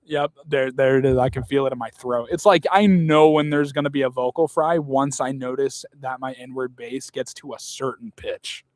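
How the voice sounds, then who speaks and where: A man's voice: mid-range voice, fairly even intonation, moderate pace, hardly any pauses, no room sound. A young man in casual chat, blunt and rambling, swearing often.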